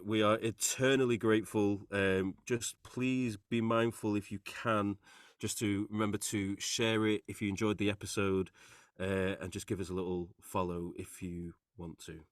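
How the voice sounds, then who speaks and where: A man's voice: on the low side, dry recording, studio quality. A man with a Manchester accent co-hosting a podcast, chatting casually, laughing often and poking fun at himself. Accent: Mancunian. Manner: lively, self-deprecating, laughs often. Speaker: podcast co-host.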